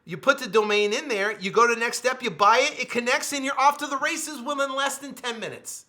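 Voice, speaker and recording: A man in a driven sales pitch, hammering the same phrases again and again. His voice sits high and sounds bright and forceful. Now and then he drops into a low, quiet aside. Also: a little fast. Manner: repetitive, emphatic, with sudden drops to a low mutter. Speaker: host pitching his software.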